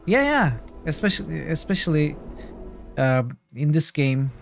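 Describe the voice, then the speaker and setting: A man's voice: on the high side, sing-song, unhurried, gravelly, soft background music. A man casually commenting while streaming a role-playing game, chatty and a little hesitant, reading game text aloud.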